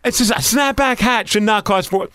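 Animated higher-pitched male radio co-host. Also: smooth, no room sound. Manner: animated storyteller, quick jokey asides. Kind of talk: casual radio banter.

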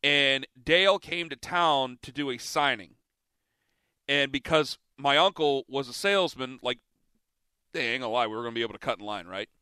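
Bright, crisp-voiced sports radio host. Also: male voice, medium pitch, normal speed, dry recording. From Ohio. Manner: lively, emphatic, talks back to callers. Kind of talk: sports talk radio with callers.

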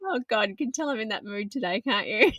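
A woman's voice: mid-range voice, expressive, fast talker, fairly bright tone, dry recording, muffled recording. A woman hosting a podcast, rambling and laughing at herself in casual interview chat. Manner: giggly, rambling, self-mocking. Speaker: podcast host.

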